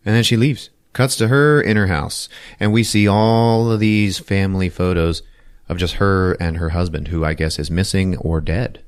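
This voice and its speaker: A man hosting a podcast, recapping a film in a profane, animated storytelling manner. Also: sits low, normal speed, clear, resonant tone. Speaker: podcast host. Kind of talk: comic movie recap.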